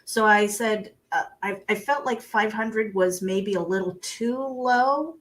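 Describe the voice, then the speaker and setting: A woman's voice: mid-range voice, unhurried, fairly bright tone. A woman guest in a casual chat, candid and self-deprecating, often laughing as she talks.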